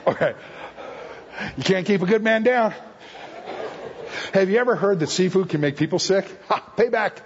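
A man's voice: high-pitched, expressive, normal speed, long pauses, background noise. A male guest speaker giving a jokey sermon full of puns, acting out the voices he quotes. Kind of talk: humorous sermon teaching. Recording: echoey hall, dull lo-fi sound.

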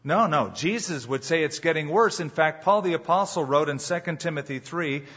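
Guy preaching a sermon, punchy, keeps asking the crowd questions, kinda husky, sound a bit dull. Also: a little high, normal speed, fairly bright tone. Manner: emphatic, rhetorical questions to the congregation. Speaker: pastor. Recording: dull, muffled live sermon recording.

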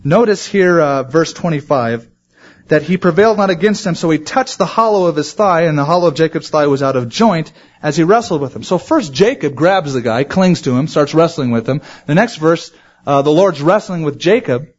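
A man preaching a sermon to his congregation, animated and acting out quoted voices. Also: fairly high pitch, normal speed, highs cut off. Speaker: pastor.

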